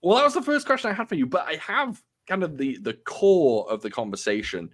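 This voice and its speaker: A man's voice: fairly high pitch, sing-song, brisk, fairly bright tone. A British man in his forties, hosting an interview in a chatty, self-deprecating way, restarting his sentences as he talks. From United Kingdom. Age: 40s. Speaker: podcast host. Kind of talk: casual interview chat.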